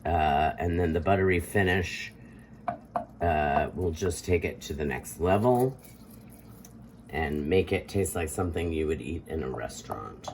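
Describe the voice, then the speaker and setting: Very low-voiced playful woman cooking host. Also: expressive, a little slow, a little mellow, slight background noise. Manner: playful, theatrical, self-mocking boasts. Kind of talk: casual cooking demonstration. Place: home kitchen.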